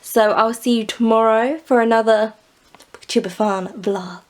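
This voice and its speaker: A woman's voice: a little high, fairly even intonation, moderate pace. A young woman from England chatting casually in a book vlog, rambling and laughing often. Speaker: book vlogger.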